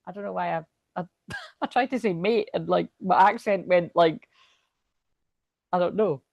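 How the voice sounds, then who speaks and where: A woman giving a casual tarot reading to camera, chatty and excitable, thinking aloud and swearing freely. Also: on the low side, normal speed, creaky, no room sound. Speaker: tarot reader.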